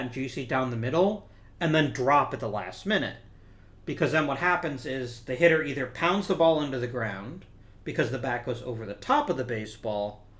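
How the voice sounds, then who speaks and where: Man, gaming video host, casual commentary, explanatory, bright tone. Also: medium pitch, reverberant. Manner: explanatory, thinks aloud with self-corrections.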